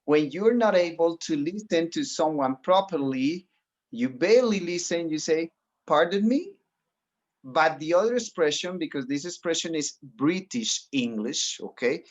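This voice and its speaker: A man's voice: on the high side, normal speed, highs cut off. Man, English teacher, encouraging, video call class. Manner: encouraging, mixes in Spanish explanations. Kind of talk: online class instruction.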